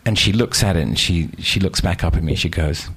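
A man telling a funny anecdote in a casual, animated and self-mocking way, acting out the scenes. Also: deep voice, a little fast, heavy background noise. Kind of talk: casual storytelling.

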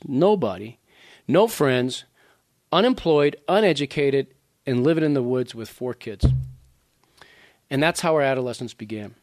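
A man's voice: on the high side, no room sound, clean studio sound. A man in his sixties, from Louisiana, talking casually to an audience and reading aloud from his own book, with digressive asides. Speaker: author at a reading.

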